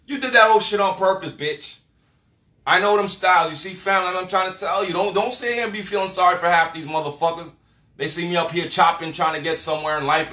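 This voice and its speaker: A man's voice: fairly high pitch, pushed and bright. A man delivering a blunt motivational rant full of swearing and street slang, lecturing the listener directly. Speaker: motivational vlogger. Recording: echoey room.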